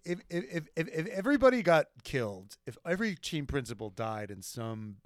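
A man co-hosts a casual podcast, cracking profane jokes and tripping over his restarts. His voice sits a little high and swings widely in pitch. The recording is dry and close. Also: very animated, fairly quick, no room sound. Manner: profane, joking, stumbling restarts. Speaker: podcast co-host. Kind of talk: casual chat.

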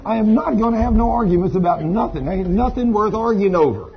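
A man's voice: sits high, animated, fast, few pauses. A man preaching a sermon, folksy and storytelling, with asides to the congregation. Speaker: pastor. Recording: dull lo-fi sound with faint ambience.

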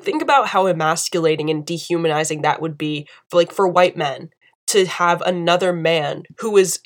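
A young woman speaks to camera in an indignant, emphatic way, hammering her points home by repeating them. Her voice sits on the low side for a woman. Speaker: video commentator. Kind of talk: impassioned commentary.

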